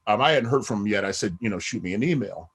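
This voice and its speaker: A man's voice: lowish voice, animated, fast talker, breathy edge. A middle-aged man, a podcast guest, talking in a rambling casual way with many "you know what I mean" asides. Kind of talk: casual interview talk.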